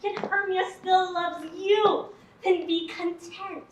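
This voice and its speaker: A woman's voice: very high voice, fairly even intonation, slow pace, lo-fi sound. A woman playing a lovesick, spurned young woman, declaiming verse with passion in a stage play. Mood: indignant. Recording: distant echoey stage, faint noise.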